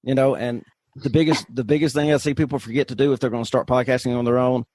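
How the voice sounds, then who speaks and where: A man's voice: medium pitch, steady tone, fast, a little mellow. A man with an Arkansas accent chatting as a podcast guest in a folksy, rambling way, on a desk mic. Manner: folksy, rambling, many restarts. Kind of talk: casual group chat. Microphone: desk microphone.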